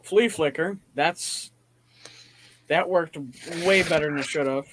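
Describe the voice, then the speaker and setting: A man's voice: a little high, slow pace, fairly bright tone, a little hiss or hum. A man hosting a casual sports stream, laughing easily and reacting to plays as they happen. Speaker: stream host.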